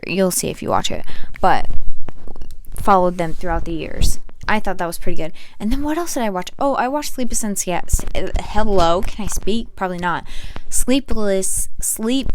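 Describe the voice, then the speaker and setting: A young woman chatting casually as a book vlogger, animated and full of slang and playful asides to her viewers. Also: medium pitch, slight background noise. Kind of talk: casual monthly reading wrap-up chat.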